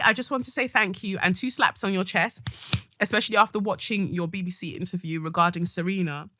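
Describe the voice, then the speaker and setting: A woman's voice: lowish voice, pushed and bright, no room sound, clean studio sound. Blunt, fiery woman podcast host. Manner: blunt, passionate, comic ranting. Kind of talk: solo podcast monologue, reading a listener letter.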